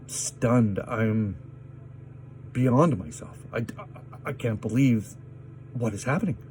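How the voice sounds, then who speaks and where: A man telling a personal story in an agitated, indignant way, with many pauses. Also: medium pitch, a little mellow, a little hiss or hum. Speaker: vlogger. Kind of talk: personal story told to camera.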